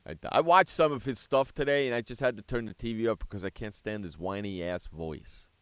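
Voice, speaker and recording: A man's voice: lowish voice, fairly quick, fairly bright tone, clear, resonant tone, no echo. A man hosting a sports talk radio show, ranting bluntly and cursing freely as he argues about teams and coaches.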